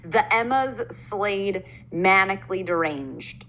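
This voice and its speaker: A woman's voice: mid-range voice, expressive, takes it slowly, pushed and bright, lo-fi sound, a little hiss or hum. A young woman co-hosting a podcast, chatting casually in an easygoing, joking way that sometimes trails off. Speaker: podcast co-host. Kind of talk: casual chat.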